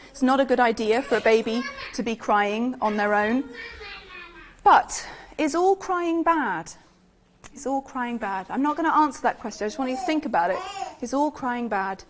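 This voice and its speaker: British woman giving a talk, lots of "right?" and "okay?", bit high, faint room hiss. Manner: chatty, asks the audience questions. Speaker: speaker giving a talk on infant sleep. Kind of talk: live lecture to an audience.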